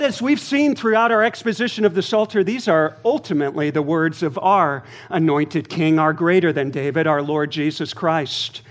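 A man, a pastor, preaching a sermon in an earnest way, repeating key phrases for emphasis. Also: a little high.

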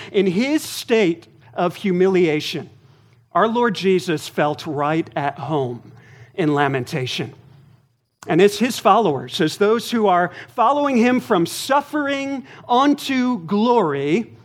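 A man, a pastor, preaching a sermon in an earnest way, repeating key phrases for emphasis. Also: on the high side.

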